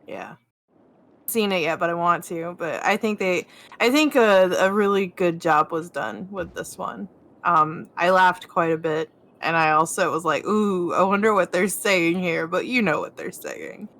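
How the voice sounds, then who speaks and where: A woman with a fairly low voice, chatting loosely on a live game stream. She rambles, laughs often and gives frank opinions. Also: unhurried, gravelly, fairly bright tone, poor audio. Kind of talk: casual chat while playing a game.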